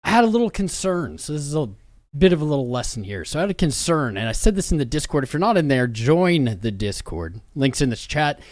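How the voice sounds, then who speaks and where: A man's voice: fairly high pitch, very animated, brisk, dry recording, clean studio sound. A young man hosting a crypto livestream in loose, slangy commentary full of hype, sounding tired after being up for hours. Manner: hype-driven, slangy, rambling. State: tired from a long day.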